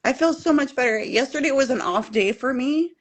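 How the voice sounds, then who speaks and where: A middle-aged woman guest in a casual interview, telling her story in an animated, openly emotional way and acting out the voices she quotes. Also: high-pitched, fairly quick.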